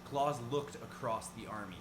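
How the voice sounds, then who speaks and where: A man narrating his own story video in a casual, brisk style. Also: medium pitch, a crowd in the background. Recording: echoey room with background noise.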